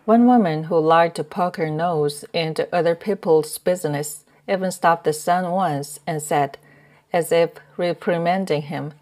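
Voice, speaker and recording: A woman narrating a translated novel as an audiobook in a measured reading. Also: on the low side, a little mellow. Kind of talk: scripted narration.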